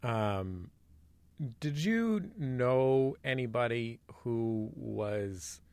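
Male host, mid-range voice, dry and close, halting and searching questions. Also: medium pitch, expressive, darkish tone, smooth, no room sound. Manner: hesitant, searching phrasing with many fillers. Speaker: radio show host. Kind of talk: interview questions.

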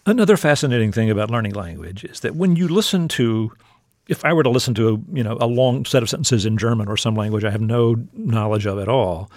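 A man's voice: medium pitch, lively intonation, fast, darkish tone, no room sound, studio quality. A man hosting an interview, curious and conversational as he sets up questions for his guest. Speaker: interviewer host.

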